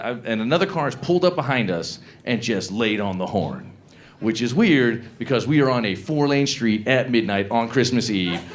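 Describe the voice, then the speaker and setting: A man performing a stand-up comedy set, telling a story with animated delivery that rises to shouts. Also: medium pitch.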